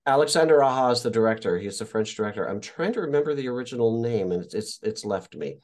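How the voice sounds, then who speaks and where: Animated man telling a story. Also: medium pitch, quick pace. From Indiana. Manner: animated storyteller, swears freely, acts out quoted voices. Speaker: actor guest. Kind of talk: casual interview storytelling.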